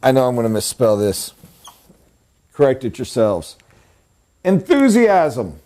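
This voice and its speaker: Middle-aged male sales coach lecturing a room, animated and emphatic, mellow-toned voice. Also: moderate pace. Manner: animated, emphatic, jumps to high excited pitch for emphasis. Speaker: sales trainer. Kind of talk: live training lecture.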